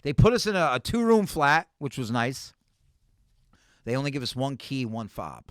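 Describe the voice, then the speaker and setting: A man from New City, a comedian telling animated, profane stories as a podcast guest. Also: medium pitch, moderate pace, clean tone, no room sound, clean studio sound. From New York City. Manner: animated, profane, full of "like" and "right?". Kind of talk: casual storytelling on a podcast.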